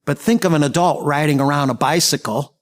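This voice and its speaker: Guy teaching a listening skills talk, slightly high voice, jokey anecdotes. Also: brisk. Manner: anecdotal, humorous, lively asides. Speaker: communication trainer.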